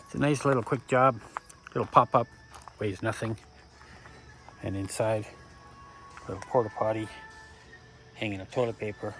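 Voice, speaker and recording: A man vlogging casually from a campground, rambling with lots of pauses and restarts. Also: lowish voice, fairly bright tone. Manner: rambling, frequent uhs and restarts. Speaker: camping vlogger. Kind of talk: casual vlog talk. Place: campground, outdoors.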